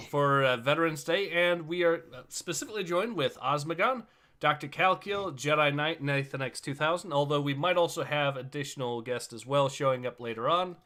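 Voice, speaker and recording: A man's voice: fairly high pitch, sharp tone. A man hosting a casual livestream, chatty with many fillers and restarts. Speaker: livestream host.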